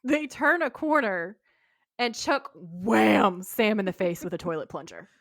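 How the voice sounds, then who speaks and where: A woman co-hosting a podcast, recapping a TV episode in casual, animated chat and swearing freely. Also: medium pitch, a little slow, no echo, studio quality. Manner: animated, swearing, laughing storyteller. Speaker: podcast co-host.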